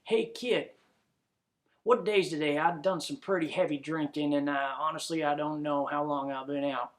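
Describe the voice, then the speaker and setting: A man's voice: fairly high pitch, level tone, normal speed, close to an everyday voice. A man putting on a hollering hungover redneck tomcat. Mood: shouting. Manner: hollering, pleading, Southern drawl. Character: rowdy redneck tomcat, hungover, frantic and repentant.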